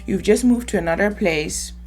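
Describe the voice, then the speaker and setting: A woman's voice: medium pitch, normal speed, faint music behind. A woman hosting a reaction video, commenting in an emphatic, opinionated way. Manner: emphatic, opinionated, lively asides.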